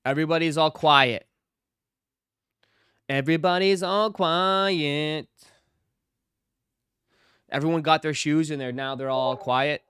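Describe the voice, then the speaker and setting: A man's voice: mid-range voice, little pitch movement, a little fast, hardly any pauses, a bit bright, smooth, no echo, studio quality. A man hosting a casual livestream, talking straight to his chat viewers and repeating phrases for emphasis. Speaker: livestream host.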